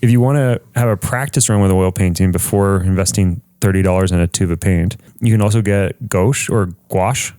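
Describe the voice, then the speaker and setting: A man's voice: deep voice, fairly quick, few pauses, mellow, clean tone, dry recording, clean studio sound. A man co-hosting a podcast, chatty and explaining, with casual swearing. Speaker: podcast co-host. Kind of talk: casual chat.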